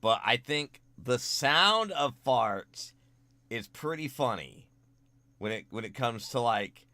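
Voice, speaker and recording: A young man streaming from home, chatting casually with viewers while drawing, swinging between quiet mumbles and loud excited greetings. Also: medium pitch, slow pace, no echo.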